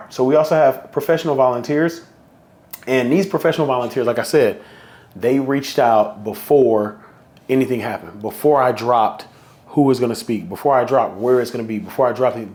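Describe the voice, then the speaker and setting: A man's voice: medium pitch, a little mellow. A man hosting a solo podcast, talking casually and with feeling, at times close to getting emotional. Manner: heartfelt, emotional, conversational. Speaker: podcast host.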